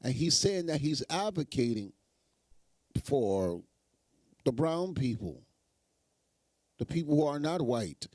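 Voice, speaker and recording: A man's voice: on the high side, very animated, slow, pauses often, darkish tone, no room sound. A man hosting a show, giving sarcastic, emphatic commentary on news clips and repeating phrases for effect. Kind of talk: mocking live commentary.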